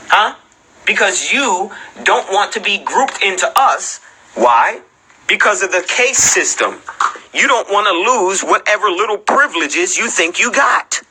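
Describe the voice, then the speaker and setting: A man's voice: sits high, pushed and bright, a little hiss or hum, rough recording. A man ranting on a livestream, confrontational and profane, firing off rhetorical questions. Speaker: livestream host.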